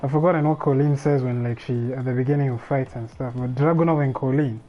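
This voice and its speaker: A man's voice: mid-range voice, steady tone, fast, lo-fi sound. A man hosting a casual livestream alone, thinking aloud in a rambling way with frequent restarts. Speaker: livestream host. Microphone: streaming microphone.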